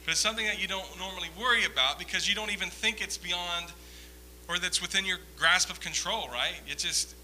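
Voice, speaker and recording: A man's voice: high voice, brisk, pushed and bright, slight background noise, low-quality recording. A man giving a conversational sermon as a pastor, rambling through self-deprecating stories with humor.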